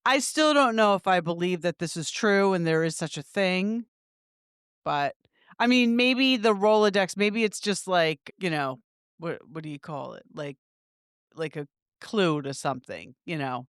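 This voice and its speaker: A woman's voice: lowish voice, a little slow, smooth, no room sound. Chatty woman co-host, dry sound. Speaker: podcast co-host. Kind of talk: casual recap chat.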